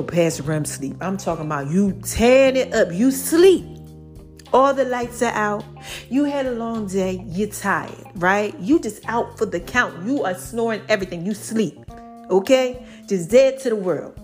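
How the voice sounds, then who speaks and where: A woman's voice: mid-range voice, darkish tone. A middle-aged woman hosting a podcast in a sassy, preachy, casual monologue. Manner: sassy, preachy, sings and squeals some lines. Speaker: podcast host.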